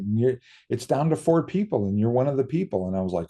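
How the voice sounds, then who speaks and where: Brief: middle-aged man, low mellow voice, casual interview guest spinning anecdotes and mimicking the people in them. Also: brisk. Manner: lively storyteller who acts out quoted voices, casual swearing. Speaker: interview guest, makeup effects artist.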